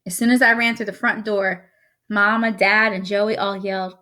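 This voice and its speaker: A woman reading a novel aloud, telling it in a wry first-person voice. Her tone is bright and forward, at a middle pitch. She moves quickly through the lines of the story. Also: steady tone. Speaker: reader.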